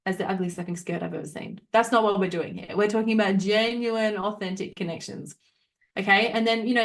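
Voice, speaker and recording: A woman's voice: mid-range voice, steady tone, quick pace. A young adult woman hosting a solo motivational podcast, talking frankly and swearing freely as she acts out the voices in people's heads. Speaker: podcast host.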